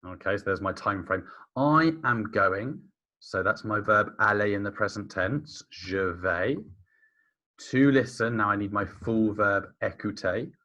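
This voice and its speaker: Male teacher, low and bright, talks through slide examples, thinking aloud. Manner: thinks aloud while writing examples, stretches key phrases slowly. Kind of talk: recorded language lesson.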